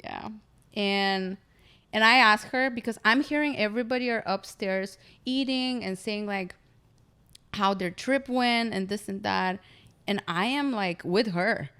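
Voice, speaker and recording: Animated woman telling a wild story. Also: medium pitch, unhurried, clear, resonant tone. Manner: animated, acts out quotes. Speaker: comedian guest. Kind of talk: casual storytelling chat.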